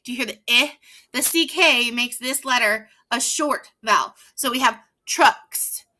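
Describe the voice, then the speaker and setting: A young woman teacher gives a patient reading lesson to young children and sounds words out slowly. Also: fairly high pitch, bright, forceful tone.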